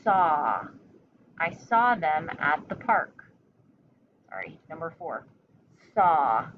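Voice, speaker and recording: A young adult woman teacher dictating a spelling test to children, slowly and carefully, with long pauses between words. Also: low-pitched, sing-song. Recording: slightly dull recording with faint room noise.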